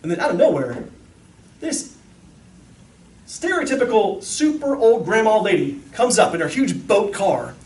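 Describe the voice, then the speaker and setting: A man giving a lively talk to parents, telling stories and acting out the voices of the people in them. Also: sits high, a little slow, long pauses. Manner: animated storyteller, acts out voices. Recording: echoey room, mic far off.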